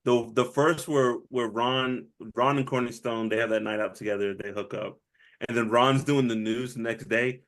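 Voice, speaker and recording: A man's voice: medium pitch, normal speed. A man co-hosting a movie podcast, chatting casually and acting out quotes with frequent laughter. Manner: animated, laughs often, acts out movie quotes. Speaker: podcast co-host. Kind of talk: casual movie review chat.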